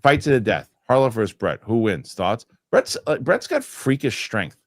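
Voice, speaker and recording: A man's voice: medium pitch, very animated, moderate pace, no room sound, clean studio sound. A man hosting a live show and reading viewer comments aloud. He rambles, corrects himself and gets worked up over his pet peeves. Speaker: show host.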